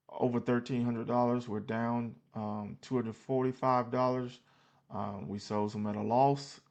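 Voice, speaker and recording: Gravelly low-voiced man. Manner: loose, plainspoken, many fillers and restarts. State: tired, yawning. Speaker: investing channel host. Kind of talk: casual screen walkthrough.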